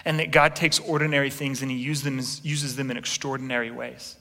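A man in his thirties preaching a sermon with animated storytelling, acting out quotes and making asides to his congregation. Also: medium pitch, fairly quick, vocal fry. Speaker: pastor. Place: large church hall. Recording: long reverb in a big hall.

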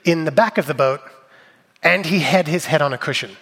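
A man preaching a sermon, telling funny stories with lively delivery and dropping to quiet, serious asides. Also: a little high, brisk, long reverb tail. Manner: animated, jokey storyteller, shifting between loud bits and quiet asides. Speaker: pastor. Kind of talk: sermon with comic storytelling.

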